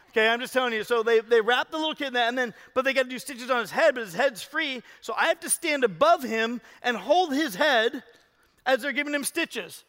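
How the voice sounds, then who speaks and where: A male pastor preaching a sermon with passion, moving from hushed to loud as he tells a story. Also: very high voice, in a large hall. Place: large church hall with a loft.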